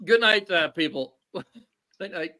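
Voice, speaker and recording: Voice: mid-range voice, expressive, unhurried, bright, forceful tone, no room sound. A caller in a casual live chat who talks in a giggly, playful way.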